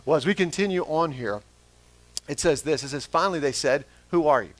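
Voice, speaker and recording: A man's voice: on the high side, a little fast. A man preaching a sermon as pastor, asking the congregation question after question. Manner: asks the congregation repeated questions.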